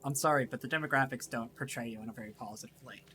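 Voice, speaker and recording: A man's voice: medium pitch, rapid-fire, sharp tone, soft background music. A man playing a game with friends in casual chat, teasing and laughing often. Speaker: co-player.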